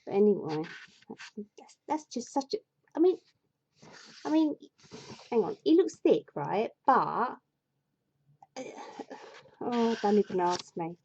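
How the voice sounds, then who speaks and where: A woman's voice: mid-range voice, sing-song, slow pace, long pauses, dark tone, husky. A woman reading a fairy tale aloud, breaking off into exasperated, sweary asides, with a dull lo-fi sound. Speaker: storyteller.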